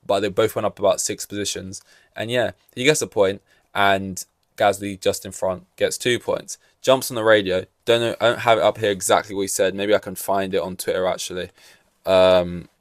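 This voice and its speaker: A man's voice: lowish voice, no echo, studio quality. A young man hosting a podcast, ranting casually and sarcastically, swearing freely. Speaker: podcast host. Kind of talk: casual solo podcast commentary.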